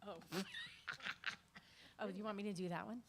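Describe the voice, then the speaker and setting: A woman's voice: medium pitch, steady tone, moderate pace, vocal fry, heavy background noise. A woman singer-songwriter chatting between songs at a small live venue, giggly and rambling. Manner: giggly, rambling, self-deprecating. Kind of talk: chatty song introduction on stage.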